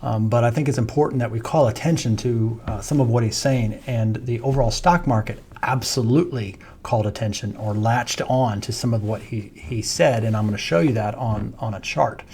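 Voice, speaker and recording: A man's voice: medium pitch, normal speed, hardly any pauses, darkish tone, slight background noise. A man, a wealth management firm founder giving a conversational video update on the economy, with frequent ums and self-corrections. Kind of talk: informal video market update.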